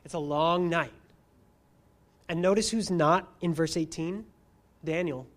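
Preacher telling a bible story, dramatic, quiet bits then loud bits, talks to the crowd as friends. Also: mid-range voice, a little slow. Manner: dramatic, shifting between quiet asides and loud emphasis; addresses listeners as friends, asks rhetorical questions. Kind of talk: sermon.

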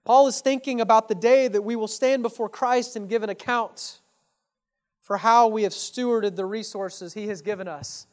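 A man's voice: high voice, fairly even intonation, normal speed. A man preaching an earnest sermon as a pastor, putting rhetorical questions to his congregation and addressing them casually and directly. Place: church.

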